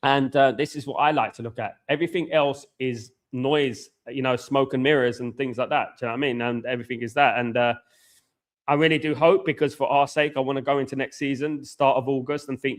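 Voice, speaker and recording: A married man from hosting a football watchalong, talking fast and passionately, with lots of repetition and shout-outs to chat. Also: medium pitch. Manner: excitable, buzzing, repeats phrases, reads chat aloud. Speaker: watchalong host. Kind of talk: casual live-stream chat. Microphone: headphones with mic.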